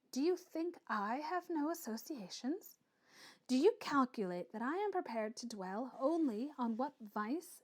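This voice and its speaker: A high-pitched woman narrates an audiobook, voicing a proud, earnest young woman who speaks softly with quiet fervour. The mood is indignant.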